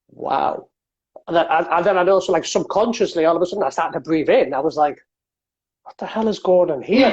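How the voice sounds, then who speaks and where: A man hosts a casual podcast, telling stories in a loose, rambling way and repeating himself as he goes. His voice is slightly husky. The recording sounds dull and lo-fi. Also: sits high, a little mellow. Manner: rambling, repeats words, storytelling. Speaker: podcast host.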